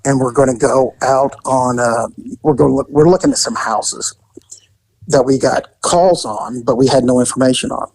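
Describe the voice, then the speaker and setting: A middle-aged man, once a police detective, telling crime stories in a casual, animated way and jumping into high voices when he quotes people. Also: dry recording, rough recording. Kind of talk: casual storytelling.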